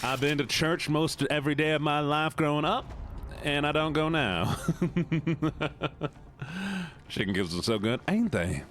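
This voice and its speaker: A man's voice: fairly high pitch, measured pace, pauses often, fairly bright tone, slight background noise. A man streaming casually while gaming, joking around and slipping into a folksy drawl. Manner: jokey, goofy, lapses into a put-on folksy drawl.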